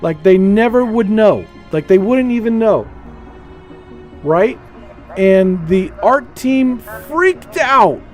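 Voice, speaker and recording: A man talks casually as he plays a space game, rambling from topic to topic and telling stories in an animated way. His voice sits high for a man. Faint music plays softly underneath. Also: slow. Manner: rambling, animated storytelling with playful put-on voices. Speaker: gaming streamer. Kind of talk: casual gameplay chat.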